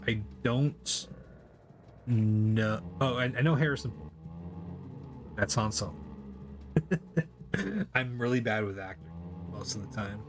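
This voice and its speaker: Rambling, profane male game streamer. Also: fairly low pitch. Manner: rambling, profane, frequent laughs. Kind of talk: casual chat while gaming.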